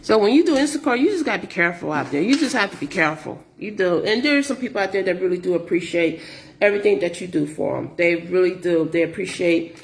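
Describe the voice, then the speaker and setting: A middle-aged grocery delivery shopper vents about rude customers in a casual vlog, repeating herself in an animated, exasperated way. Her fairly low voice is creaky and moves at a quick pace. The room is echoey, with slight background noise.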